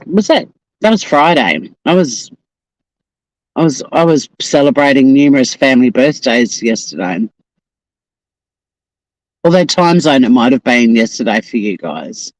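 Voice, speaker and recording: A man's voice: medium pitch, lively intonation, a little slow, pauses often, no echo, low-quality recording. A man with an Australian accent, from Tasmania, hosting a casual live stream outdoors on the coast, profane and joking as he chats. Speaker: livestream host.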